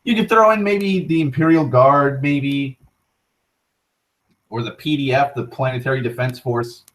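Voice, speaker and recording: A young man hosting an online talk show, rambling casually with frequent profanity, restarts and excited tangents. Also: mid-range voice, unhurried, a little hiss or hum, poor audio. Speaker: internet talk show host.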